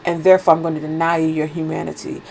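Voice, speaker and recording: A woman's voice: deep voice, flat delivery, fast talker, creaky, darkish tone, slight background noise, rough recording. A woman giving a fervent, profanity-laced spiritual card reading, sniffling and coughing with a cold and driving her points home through emphatic repetition. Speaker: spiritual reader. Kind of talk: impassioned oracle card reading.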